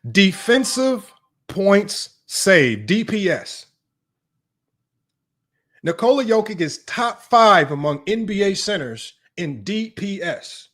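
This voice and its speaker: A man's voice: high voice, fairly bright tone. A young man hosting a live sports analysis stream, reading stats aloud and talking bluntly and sarcastically to viewers as y'all. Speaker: sports commentary host.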